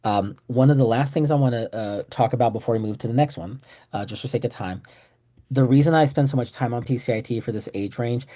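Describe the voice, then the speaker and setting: Middle-aged man from Texas, warm mellow tone, casual online lecture, joking and self-deprecating, talking on a video call. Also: medium pitch, a little fast. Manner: joking, self-deprecating, acts out quoted voices. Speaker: trainer presenting to clinicians.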